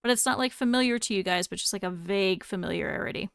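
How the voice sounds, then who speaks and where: Woman game master, bright clear voice, dry close sound, loose narration with fillers. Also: medium pitch, quick pace, no room sound. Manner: loose, hesitant, many fillers.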